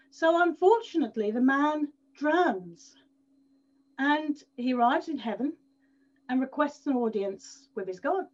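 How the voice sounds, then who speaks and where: A woman presents to an event audience, pitching her story high and lively and stressing points by repeating words. The recording sounds a little dull and lo-fi. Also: measured pace. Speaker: speaker at an event.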